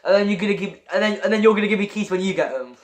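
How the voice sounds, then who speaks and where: A man giving excitable gaming commentary while chatting with a friend, stammering and repeating himself. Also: high voice, very fast. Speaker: gamer opening loot crates.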